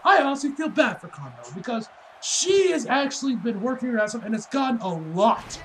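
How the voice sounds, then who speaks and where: A man's voice: very high voice, sing-song, fairly quick, slight background noise, rough recording. A man giving a casual spoken review, ranting heatedly with lots of swearing and a loose, rambling delivery full of "like.". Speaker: wrestling reviewer.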